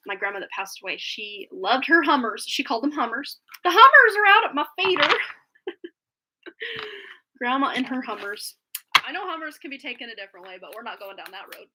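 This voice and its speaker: A woman's voice: high voice, sharp tone, rough recording. A woman reading tarot on a live stream, bubbly and effusive, often giggling as she talks to viewers. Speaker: tarot reader.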